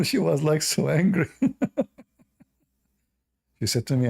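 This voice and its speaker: A man's voice: a little high, very animated, unhurried, pauses often, warm tone, breathy edge. A man hosting a talk, casually telling a funny personal anecdote in loose, non-native phrasing and chuckling often. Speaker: host.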